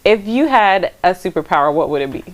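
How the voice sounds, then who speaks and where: A woman's voice: fairly low pitch, expressive, brisk. A woman co-hosting a podcast, bubbly and giggly, asking a guest icebreaker questions with plenty of likes. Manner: giggly, bubbly, says like a lot. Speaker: podcast co-host. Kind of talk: casual podcast interview.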